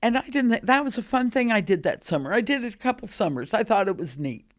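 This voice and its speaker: A woman in her eighties telling stories about her early years in an animated, casual way in a studio. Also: mid-range voice, fast talker. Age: 80s. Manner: animated, acts out quoted voices. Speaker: guest recalling her career. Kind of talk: casual storytelling. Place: recording studio.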